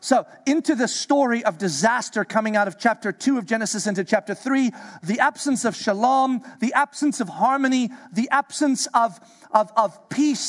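A man preaching a sermon, animated and playful, slipping into acted-out voices for his asides. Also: extremely high pitch. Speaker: pastor.

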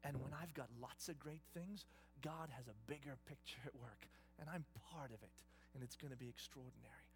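A man preaching a sermon in an emphatic style, swinging between hushed and loud delivery. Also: medium pitch, normal speed, faint music behind. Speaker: pastor.

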